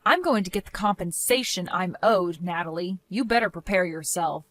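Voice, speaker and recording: A young woman narrating her own story and playing its lead, speaking in a cold, firm and measured way as scripted story voice acting. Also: fairly low pitch, animated, a bit bright. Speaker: narrator and main character.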